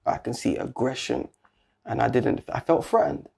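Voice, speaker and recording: A man with a British accent tells a personal story in a relaxed interview, his voice gravelly and dark. He talks in casual street slang and acts out the back-and-forth himself. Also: mid-range voice, moderate pace. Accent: British English. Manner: animated, slangy street talk with quoted dialogue. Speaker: guest.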